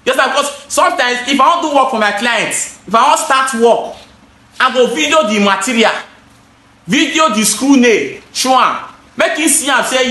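A very high-pitched, expressive voice, pushed and bright, comes at a moderate pace through reverberant sound. It belongs to a Nigerian-accented gutter installer and seller casually presenting his products on camera, who is emphatic, repeats himself, and drops into pidgin.

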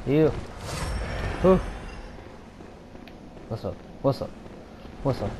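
A man giving excitable live commentary while playing a video game, talking to himself and his viewers and swearing when things go wrong. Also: medium pitch, extremely slow, noisy background. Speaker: gamer.

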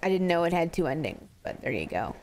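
A woman's voice: sits low, big pitch swings, fast talker, darkish tone, a little hiss or hum. A woman streamer casually reading spooky stories aloud to her chat, playful and laughing easily between stories. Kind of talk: casual storytelling to a live chat.

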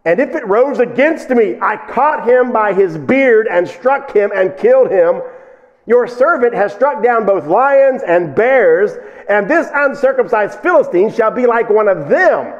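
A man preaching a sermon with a fairly high, lively voice that climbs and drops as he acts out the people in the story. He reads scripture and explains it to his congregation. The recording is muffled and lo-fi. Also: unhurried. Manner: animated preaching, acting out quoted speakers in raised voices. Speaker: pastor.

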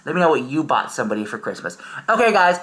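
A man's voice: on the high side, very animated, fast, fairly bright tone. A man hosting a casual reaction commentary, sassy and rambling as he talks straight to his viewers. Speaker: commentary host.

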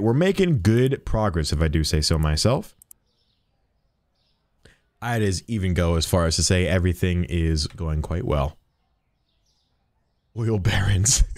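A man's voice: sits low, very animated, slow pace, long pauses, darkish tone, dry recording, studio quality. A young man streaming a game, chatting playfully as he plays a shopkeeper and jokes with customers. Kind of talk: let's-play commentary.

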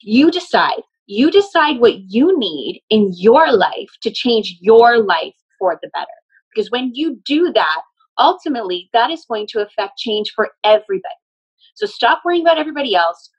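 A woman's voice: on the high side, very animated, moderate pace, breathy edge, muffled recording. A woman working as a medium, relaying messages in a casual, emphatic way. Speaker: medium channeling a spirit. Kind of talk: casual spoken channeling session.

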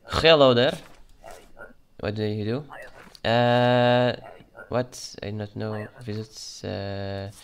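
A man's voice: lowish voice, fairly even intonation, extremely slow, clear, resonant tone. A man commenting on his gameplay in a put-on Russian accent, playing a stern border guard. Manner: curt, stern official tone toward game characters. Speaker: let's play gamer.

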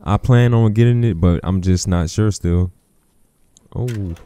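A man with a fairly low, mellow voice talks over his gameplay in a relaxed, chatty way. He drifts between plans and griping, and swears freely at teammates. The talk is loose and unscripted. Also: unhurried, clear, resonant tone. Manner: laid-back, chatty, profane trash talk at teammates. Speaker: gaming commentator. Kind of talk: casual gameplay commentary.

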